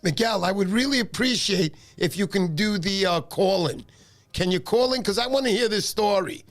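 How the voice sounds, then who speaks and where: A tired man hosts a casual evening fishing livestream, his voice sitting quite high. He greets viewers one by one in a friendly, chatty way, with soft music faintly in the background. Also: normal speed. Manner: friendly, shouts out viewers by name.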